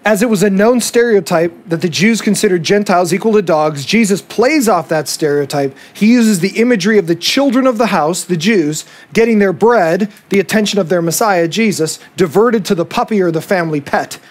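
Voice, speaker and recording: A male pastor preaching a sermon, animated and acting out the voices he quotes. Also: high voice, fairly quick, hardly any pauses.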